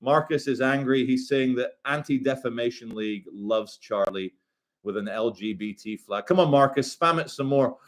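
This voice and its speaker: A man on a casual livestream reading chat aloud, rambling and swearing with quick asides. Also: mid-range voice.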